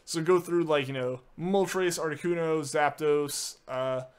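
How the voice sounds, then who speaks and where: This man's voice is fairly high, fairly even in intonation, a little slow, and smooth. He's streaming a game in casual live-stream chat, replying to viewer messages while leaning on filler words, many "like"s, and frequent restarts.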